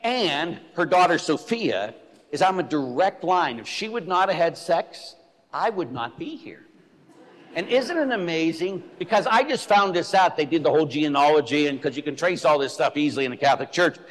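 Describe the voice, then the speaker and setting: Blunt, animated male priest preaching with a fairly high voice that swoops widely, heard with a long echo in a church. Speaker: Catholic priest. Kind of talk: sermon. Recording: echoey church hall.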